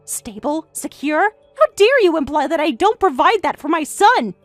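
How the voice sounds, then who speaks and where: Shrill, insistent middle-aged mother, read by a woman, high and swooping, soft music behind. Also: very animated, moderate pace, no echo. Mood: defensive.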